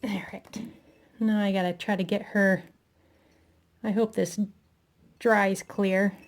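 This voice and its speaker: A woman with a gravelly, creaky voice walks slowly through a crafting tutorial, narrating as she works. She is a little out of breath, chatty and self-deprecating, with an unhurried pace. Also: medium pitch, level tone. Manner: chatty, self-deprecating, talking while working.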